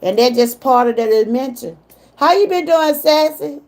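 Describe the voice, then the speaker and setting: Middle-aged Southern woman, livestream host, chatty, speaks straight to her viewers, higher pitch. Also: normal speed, darkish tone. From Georgia, US. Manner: chatty, talks to viewers directly; emotional when talking about her mother. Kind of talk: casual livestream chat.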